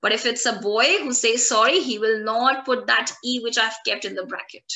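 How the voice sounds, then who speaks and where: A woman teaching a French lesson online, repeating each word slowly so learners can copy it. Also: fairly high pitch, pushed and bright. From India.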